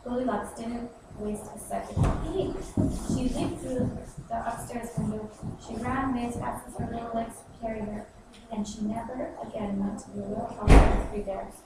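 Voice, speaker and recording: A woman reading a storybook aloud to children in an expressive, sing-song way. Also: on the high side, normal speed. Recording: echoey, far-off noisy room.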